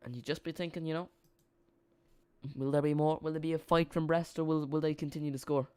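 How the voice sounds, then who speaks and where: A man's voice: a little high, little pitch movement, fairly quick, a little mellow, clean tone, no echo. A man streaming a live football watch-along, chatting casually and often repeating or correcting himself.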